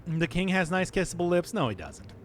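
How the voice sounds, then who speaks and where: A man streaming a game, bantering loosely with his viewers and breaking into laughter. His voice sits high and swings up and down with lively energy. Faint music plays behind him. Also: a little fast. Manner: playful, laughs often, banters with chat. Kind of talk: casual live-stream chat.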